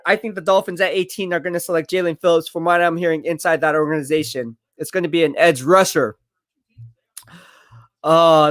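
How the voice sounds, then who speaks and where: High-voiced man laughing through live commentary. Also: no echo, studio quality. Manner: laughing, boastful, quick bursts of excitement. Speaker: live stream host. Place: home live stream.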